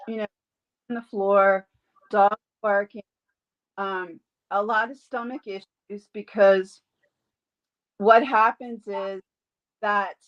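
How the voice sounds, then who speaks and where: A woman guest in a casual interview, an animal communicator and Reiki healer telling lively stories and acting out the voices she quotes. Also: mid-range voice, highs cut off. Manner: animated storyteller who acts out quoted voices.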